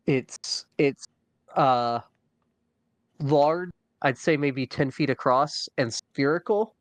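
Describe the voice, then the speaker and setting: A man's voice: mid-range voice, slow, dry recording. A man running a tabletop game as dungeon master, narrating with many fillers and restarts.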